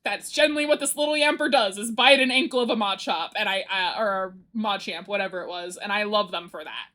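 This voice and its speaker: A woman streamer chatting casually on a livestream, telling a rambling, animated story and often giggling. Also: mid-range voice, fast talker.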